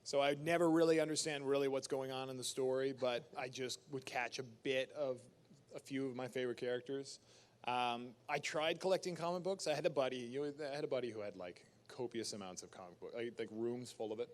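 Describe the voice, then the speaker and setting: A Canadian actor telling stories at a fan convention Q&A, casual and animated, acting out quotes and laughing. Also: male voice, medium pitch, brisk. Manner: animated storyteller who acts out quotes and laughs. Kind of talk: casual storytelling Q&A. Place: convention panel room.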